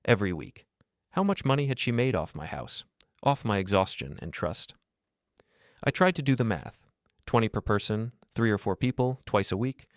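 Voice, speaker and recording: A middle-aged man narrating a first-person story in a steady, grave, measured way. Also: fairly low pitch, dry recording, clean studio sound.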